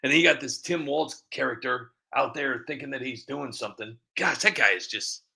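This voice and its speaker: A man hosting a casual livestream, rambling to viewers, reading their comments aloud and slipping into quick voice impressions. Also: mid-range voice, creaky, bright, forceful tone, slightly rough. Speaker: livestream host.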